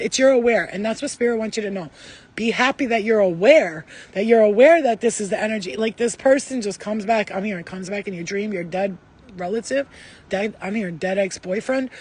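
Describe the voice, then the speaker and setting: A woman's voice: fairly high pitch, slight background noise. Blunt, rambling woman giving a spiritual reading. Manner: rambling, emphatic, blunt with swearing; shifts between loud urging and soft asides. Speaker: spiritual reader. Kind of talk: casual channelled tarot-style reading.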